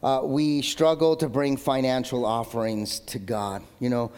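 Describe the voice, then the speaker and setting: A male pastor in his thirties preaching a sermon in a conversational, joking way, swinging between loud emphatic lines and low asides. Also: flat delivery, a little slow, clean tone. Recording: long hall reverb.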